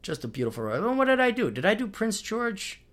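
Fairly quick and high-voiced, a middle-aged man hosting a podcast tells travel tales in a casual monologue. His storytelling is loose, rambling and animated, punctuated by his own laughter.

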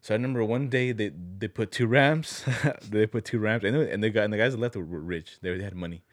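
A man's voice: on the low side, quick pace, no room sound, clean studio sound. A young man telling a story in a loose, slangy way, often repeating words as he goes. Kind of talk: casual chat.

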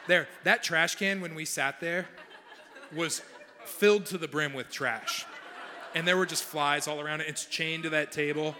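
A young male pastor giving a sermon, telling a funny personal story with animated, self-mocking humor before he prays. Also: a little high, in a large hall, slight background noise. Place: large church hall.

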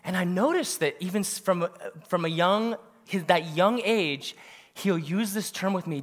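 A man in his thirties preaching a sermon, animated and punchy, with bursts of laughter. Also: high voice, normal speed. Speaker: pastor. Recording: long hall reverb.

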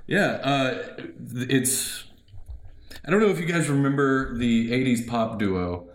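A man's voice: medium pitch, slow. A man co-hosting an improvised comedy podcast, telling made-up stories in a mock-serious, playful way. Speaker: podcast host. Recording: roomy echo with faint noise.

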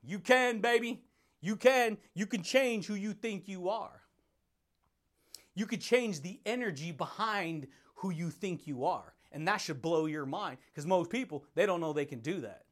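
A man's voice: high-pitched, animated, measured pace. A man hosting a motivational podcast, talking in a hyped, laughing monologue that keeps calling the listener dude, buddy and baby.

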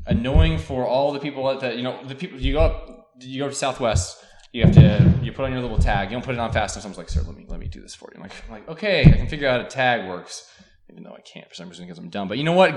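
A man's voice: medium pitch, lively intonation, fast. A young man hosting a podcast, telling profane, self-mocking travel anecdotes in a rambling casual chat. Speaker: podcast host. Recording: echoey room with background noise.

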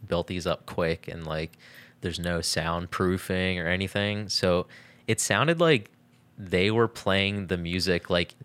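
A young adult man co-hosting a podcast, talking in a relaxed, rambling way and saying "like" a lot. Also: low-pitched, takes it slowly, clear, resonant tone. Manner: relaxed, rambling, heavy use of "like". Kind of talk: casual podcast chat.

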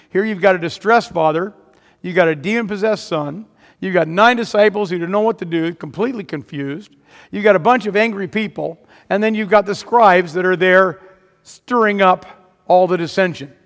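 A man's voice: high voice, fairly bright tone. A man preaching a sermon, retelling a story dramatically and rising to emphatic peaks. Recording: long hall reverb.

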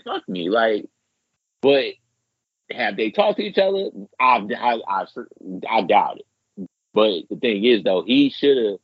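Husky man ranting on a podcast. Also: unhurried, dry recording. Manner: rambling, profane, animated quoting with big pitch jumps. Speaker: podcast co-host. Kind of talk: casual chat. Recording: muffled lo-fi podcast audio.

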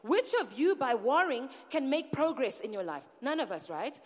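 A woman delivers a sermon with a lively, swooping voice that sits a little high. She calls out to the congregation as she preaches. The sound carries a long reverb from the church hall. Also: normal speed.

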